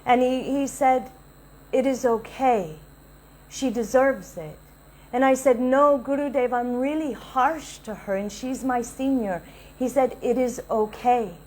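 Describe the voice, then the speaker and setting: A woman's voice: on the high side, a little mellow, poor audio. A woman giving a devotional talk, earnestly telling a personal story and acting out the dialogue. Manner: earnest, confessional, retells dialogue. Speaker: spiritual speaker.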